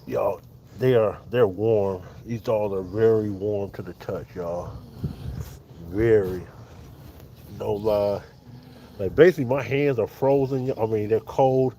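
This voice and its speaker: A man's voice: lowish voice, steady tone, slow pace, dark tone, slight background noise, rough recording. A man from California with a Californian accent, hosting a casual livestream and talking easily to his viewers. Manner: laid-back, keeps calling viewers y'all and thanking chatters. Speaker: dog breeder hosting a livestream. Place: outdoors in the cold beside big dogs. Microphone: phone set up on the spot.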